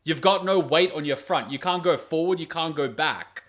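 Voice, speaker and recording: A man's voice: a little high, moderate pace, hardly any pauses, fairly bright tone. A man hosting an anime reaction video, giving blunt, profane, mocking commentary on the fight.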